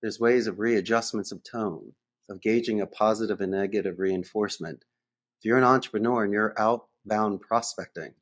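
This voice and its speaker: A man's voice: lowish voice, moderate pace. A man as a podcast guest who runs a call center, talking in a conversational interview and acting out phone calls in different voices.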